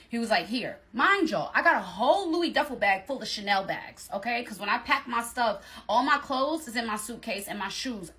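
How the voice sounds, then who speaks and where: A woman's voice: medium pitch, sharp tone. A woman telling a personal story in casual storytime style, talking straight to her listeners with lots of emphasis.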